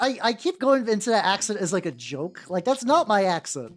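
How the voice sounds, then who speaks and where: A woman's voice: fairly low pitch, sing-song, a little slow, pauses often. A woman streamer chatting casually and rambling while she paints miniatures, joking at her own expense. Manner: rambling, self-deprecating. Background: faint background music.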